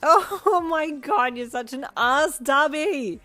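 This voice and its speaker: A woman voicing a feisty, playful young woman with loud, squeaky outbursts in a fan fiction audio reading. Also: animated, slow.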